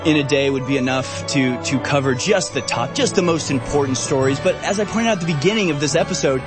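A man's voice: a little high, quick pace, over music. A man hosting a talk show, running through news stories in an exasperated, sarcastic rant full of fillers and short laughs. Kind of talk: ranting news commentary.

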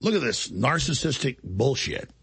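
A man's voice: medium pitch, big pitch swings, normal speed, a bit bright, husky. A man hosting a talk show, delivering an indignant monologue and acting out other people's lines as he tells the story. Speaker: show host.

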